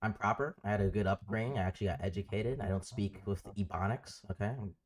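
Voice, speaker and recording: Argumentative low-voiced man debating live. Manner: argumentative, quick interruptions and restarts. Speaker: livestream debate host.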